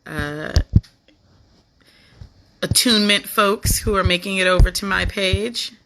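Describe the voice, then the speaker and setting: A woman hosting a casual live stream who talks warmly, laughs often and uses many fillers. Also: mid-range voice, slow pace, vocal fry, background noise. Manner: warm, laughing, chatty with fillers. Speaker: host of an online live show. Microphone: phone on a live video stream.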